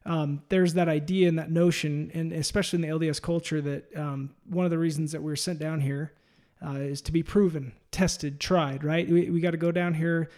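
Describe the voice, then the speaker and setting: A man hosting a faith-based interview, speaking in an earnest, heartfelt way with frequent halting restarts. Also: fairly high pitch, little pitch movement, darkish tone. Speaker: podcast host.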